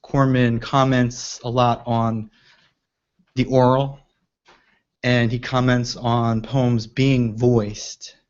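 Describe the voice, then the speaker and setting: A man's voice: mid-range voice, little pitch movement, slow, clean tone. A man giving reflective commentary on a poem, thinking aloud with restarts. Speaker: poetry reader and commentator. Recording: dull lo-fi recording.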